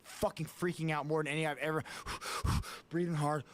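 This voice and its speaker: A man's voice: on the high side, flat delivery, moderate pace. A man, a guest on a casual talk show, telling a vivid story in plain words and swearing often.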